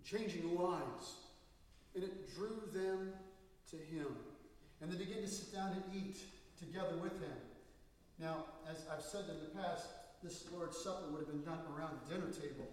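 A male pastor preaching a sermon in a church, telling stories and acting out the people in them. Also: sits high. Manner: storytelling, animated quoting of people. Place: church sanctuary. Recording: echoey hall, voice from far off.

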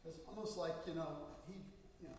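High-voiced pastor in an echoey hall. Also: male voice, brisk, recorded from a distance. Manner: storytelling, animated quoting of people. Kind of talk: sermon. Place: church sanctuary.

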